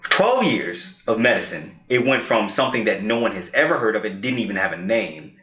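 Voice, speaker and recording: A man co-hosting a podcast tells a personal story in a casual, animated way, slipping into quoted voices as he goes. His voice sits fairly low but comes across bright and forceful. The sound carries a noticeable room echo. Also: fairly quick. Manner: animated storyteller who acts out quoted lines. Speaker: podcast co-host. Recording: roomy echo.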